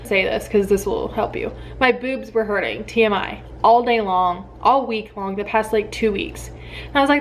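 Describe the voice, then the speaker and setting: A young woman in her twenties telling a personal story to camera in an excited, chatty way, full of quoted thoughts and fillers. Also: medium pitch, fairly quick, slight background noise, low-quality recording. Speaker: vlogger.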